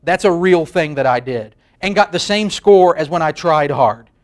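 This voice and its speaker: A man in his thirties hosts a late-night show in a studio, facing a camera as he rambles through a self-deprecating comic monologue and laughs at his own jokes. His voice is fairly high and expressive, at a normal speed.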